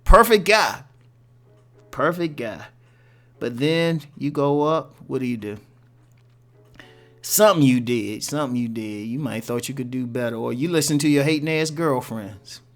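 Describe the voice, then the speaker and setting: A man's voice: mid-range voice, moderate pace, soft background music. Blunt, joking man giving relationship advice. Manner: blunt, tough-love, joking. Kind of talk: casual advice monologue.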